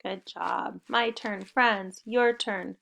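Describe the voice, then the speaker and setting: A woman's voice: medium pitch, steady tone, slow, vocal fry, a bit bright. A woman teaching a spelling lesson to young children, giving upbeat and encouraging step-by-step instructions. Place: home recording.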